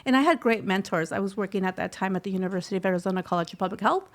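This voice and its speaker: Speaking at a racing pace in a medium-pitched voice, a middle-aged woman tells her personal story in an interview. She's a scholarship recipient guest, heartfelt and mixing Spanish phrases into her English.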